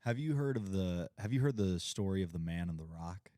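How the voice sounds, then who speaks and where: A man hosting a podcast, telling a parable in a relaxed, chatty way. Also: low voice, brisk, no room sound, studio quality. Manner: relaxed, chatty, many fillers. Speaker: podcast host. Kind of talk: casual storytelling.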